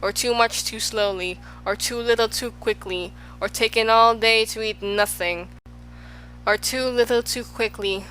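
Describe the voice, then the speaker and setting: A woman's voice: fairly high pitch, fairly even intonation, unhurried, bright, forceful tone, soft background music, poor audio. A woman voicing a pompous, wordy male humbug bug in an audiobook, talking in flowery, fussy phrases. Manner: flowery, fussy, agrees with everyone. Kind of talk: audiobook character voice.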